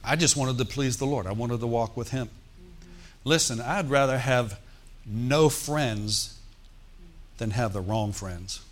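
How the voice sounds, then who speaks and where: A man's voice: medium pitch, unhurried, pauses often. Man preaching a sermon. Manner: storytelling preacher, rising to emphatic exhortation. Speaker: pastor.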